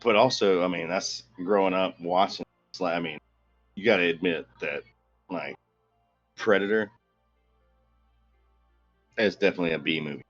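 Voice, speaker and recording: A low-voiced man swears freely and jumps into the conversation with quick, excited remarks. His voice comes through dull and lo-fi, with faint music behind. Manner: profane, excitable, quick interjections. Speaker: player. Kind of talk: casual chat over voice call.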